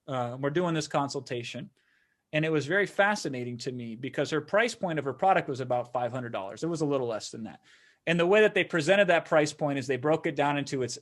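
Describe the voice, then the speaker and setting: Middle-aged male webinar host, slightly high voice, loose conversational sales pitch. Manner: conversational, frequent "right?" tag questions. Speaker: webinar host and marketing consultant.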